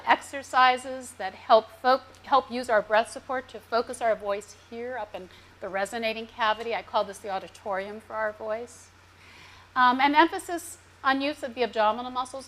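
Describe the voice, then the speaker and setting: A woman's voice: fairly high pitch, pushed and bright. A woman speech-language pathologist giving a community education talk, coaching her audience through voice exercises. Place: lecture room with a live audience.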